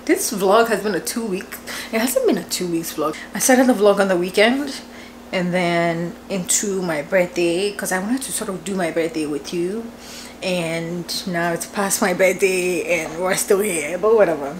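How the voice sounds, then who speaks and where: A woman in her twenties, a vlogger telling a story at home in a lively, chatty way, laughing often and filling her talk with "like". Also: lowish voice, moderate pace, a little hiss or hum. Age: 20s. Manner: animated, laughing, lots of "like" fillers. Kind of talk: casual storytelling vlog. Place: home, indoors.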